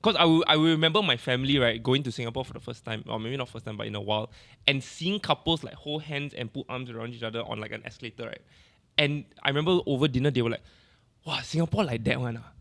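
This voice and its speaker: A man's voice: mid-range voice, fast talker, vocal fry, a bit bright, dry recording. A man from Malaysia, co-hosting a casual podcast chat and laying out background with plenty of fillers. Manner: chatty, explains background at length with many fillers. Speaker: podcast co-host.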